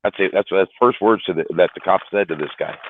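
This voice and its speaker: Deep-voiced trucker on a tinny line. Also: male voice, fast, slight background noise. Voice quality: deep, drawling, repeats words while telling. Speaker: truck driver telling a story. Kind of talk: casual storytelling, swearing. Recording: dry tinny phone-like line.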